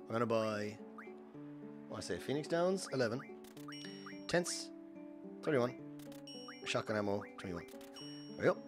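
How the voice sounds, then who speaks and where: A man with a lowish voice gives live gameplay commentary, walking viewers through each input while chatting with his chat. Music plays faintly under his talk. He sounds relaxed and conversational, like a streamer mid-run. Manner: chatty, explains each step while playing; chats with viewers between instructions.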